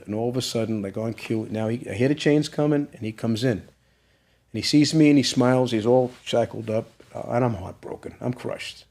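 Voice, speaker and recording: A man's voice: mid-range voice, brisk, gravelly, a little mellow. A man telling a personal story as a guest in an interview, emotional and at times rising to an urgent plea.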